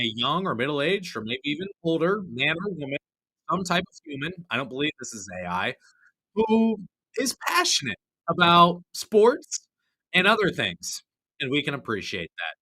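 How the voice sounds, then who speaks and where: A man hosting a live sports podcast, chatty and animated. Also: mid-range voice, no room sound, rough recording. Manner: chatty, animated, self-deprecating asides. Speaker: podcast host. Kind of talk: casual live podcast talk.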